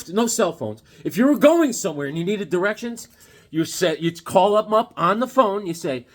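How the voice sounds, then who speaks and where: Middle-aged man, casual rambling vlogger, lively swooping delivery. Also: high voice. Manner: rambling and enthusiastic, many fillers. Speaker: comic book vlogger. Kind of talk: casual chat.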